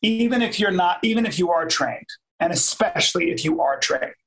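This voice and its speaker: A man's voice: sits high, expressive, fairly quick, fairly bright tone, rough recording. A man in emphatic casual chat who swears and repeats himself.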